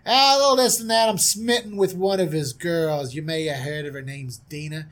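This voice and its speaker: A man's voice: on the high side, normal speed, fairly bright tone, lightly acted. A man voicing a boastful young prince who talks like a mob boss, brash and schmoozing. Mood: jovial. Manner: brash, schmoozing, self-satisfied.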